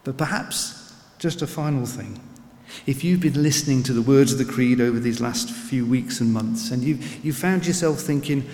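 A man preaching a sermon in an earnest, unhurried way, repeating words as he goes. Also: mid-range voice, darkish tone. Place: church. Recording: echoey church with long reverb.

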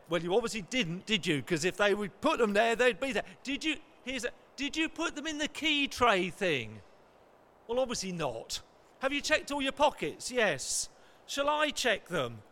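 High, bright-voiced preacher. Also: male voice, moderate pace. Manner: animated, acts out panicked voices, asks the audience questions. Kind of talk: lively sermon with props and audience banter.

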